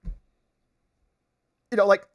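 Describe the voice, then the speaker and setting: A man from the United States hosting a political commentary livestream, reading viewer chat aloud and reacting. He swings between excited outbursts and low mutters. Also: very slow, muffled recording. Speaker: livestream host.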